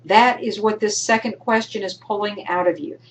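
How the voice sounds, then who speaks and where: A woman's voice: medium pitch, moderate pace, slight background noise, low-quality recording. A woman college instructor giving recorded feedback to her students, emphatic and coaching, sometimes acting out imagined student voices. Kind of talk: recorded lecture to online students.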